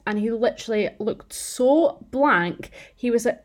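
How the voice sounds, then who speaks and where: A woman's voice: medium pitch, a little fast, few pauses. A woman in her twenties, a podcast co-host, telling stories in casual chat and acting out what people said. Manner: chatty storytelling, acts out quotes.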